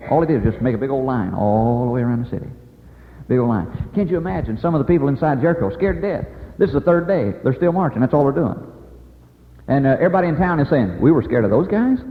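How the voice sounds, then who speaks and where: A man preaching a folksy, animated sermon, telling the story and acting out the voices with lots of "uh" and "boy" fillers. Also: medium pitch. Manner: animated, acts out characters with many "uh" and "boy" fillers. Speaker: evangelist preacher. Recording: tinny phone-like sound in a large reverberant hall.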